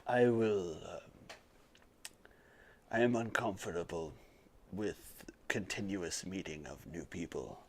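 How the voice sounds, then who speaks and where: A man's voice: deep voice, slow, long pauses, full character voice. A man voicing a reserved samurai who speaks stiffly and formally. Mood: curt.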